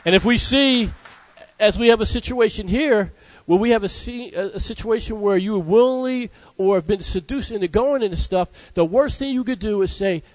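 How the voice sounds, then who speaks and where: A fervent male preacher, his voice sitting high for a man. He drives the sermon with call-and-response, asking "Amen?" and calling out "Hallelujah." The sound is dry and close, with no room echo.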